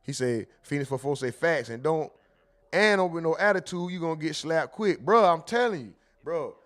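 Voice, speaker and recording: Streamer type: high-pitched man, animated and loud in bursts, casual chat-reading host. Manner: animated, loud bursts, mimics people in quotes, laughs. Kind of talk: casual live stream commentary.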